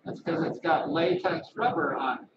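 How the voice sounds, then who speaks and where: A man's voice: fairly high pitch, moderate pace. A man who works as a massage therapist, talking casually and rambling to his webcam at home. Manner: rambling, animated, folksy asides. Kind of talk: casual vlog talk to camera. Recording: echoey lo-fi webcam audio from a distance with loud background noise.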